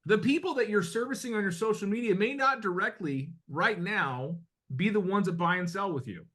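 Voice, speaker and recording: Here a middle-aged U.S. man with a high, slightly bright voice speaks at a moderate pace. He gives real estate agents a blunt, conversational motivational talk that includes some mild swearing.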